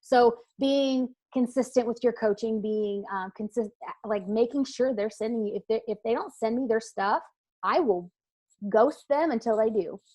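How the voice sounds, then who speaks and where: A woman's voice: on the high side, normal speed, a little mellow. A woman weight-loss coach answering interview questions in a casual, earnest, emphatic way, with frequent fillers and restarts.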